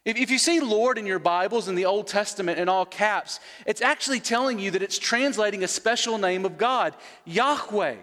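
High-voiced earnest male preacher. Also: normal speed, hardly any pauses, fairly bright tone, long reverb tail. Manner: earnest, repeats words when emphasizing, asks listeners questions. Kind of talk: expository sermon.

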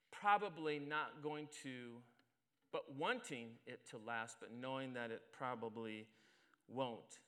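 A man's voice: fairly high pitch, sharp tone, clean tone. A middle-aged man, a pastor, preaching a sermon and telling a self-deprecating story in a conversational way at a church service.

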